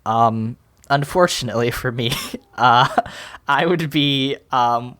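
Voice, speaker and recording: A young man co-hosting a casual podcast, midrange voice, quick to laugh and to mimic characters in goofy voices. he keeps it loose and chatty, piling on fillers as he riffs. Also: mid-range voice, clear, resonant tone. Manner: animated, laughing, quotes characters in put-on voices. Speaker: podcast co-host. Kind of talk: casual chat.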